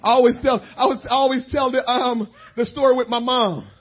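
A middle-aged male pastor preaching a sermon, with shouted bursts and laughing asides. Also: extremely high pitch, fairly even intonation, brisk, breathy edge, dull audio.

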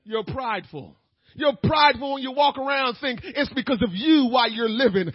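A male pastor preaching a sermon, moving between quiet talk and shouted, tearful appeals, with many "uh" fillers. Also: extremely high pitch, breathy edge, no echo, dull audio. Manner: fills pauses with "uh".

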